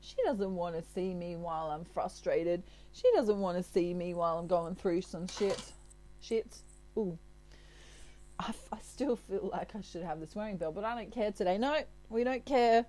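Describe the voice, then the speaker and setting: A woman's voice: on the low side, normal speed, dark tone, poor audio. A woman giving a casual tarot reading, chatty and playful, laughing often. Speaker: tarot reader.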